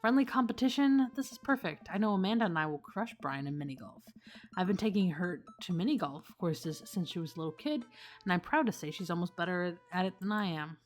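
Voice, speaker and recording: A woman's voice: on the low side, lively intonation, a little fast, faint music behind, natural voice. An eager, competitive dad character in a dating game speaks with playful exaggeration, as a woman reads his lines. The voice stays close to her everyday speaking voice.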